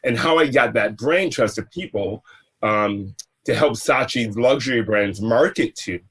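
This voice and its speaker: A man's voice: mid-range voice, measured pace, breathy edge. Easygoing man telling his career story. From Massachusetts, USA. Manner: relaxed, conversational, with frequent fillers and restarts. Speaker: entrepreneur guest. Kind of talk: storytelling interview.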